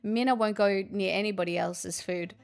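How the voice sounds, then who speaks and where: A woman's voice: medium pitch, fairly even intonation, moderate pace, gravelly. Sarcastic Australian woman chatting live. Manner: sarcastic, chatty, self-deprecating. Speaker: livestream host. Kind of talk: casual chat with viewers.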